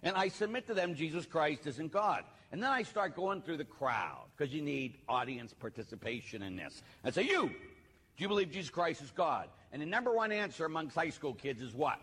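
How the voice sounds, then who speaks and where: A man, a Catholic priest, giving a sermon in a relaxed, conversational storytelling manner with playful asides. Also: fairly high pitch, a little fast, hardly any pauses, slightly rough. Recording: long hall reverb.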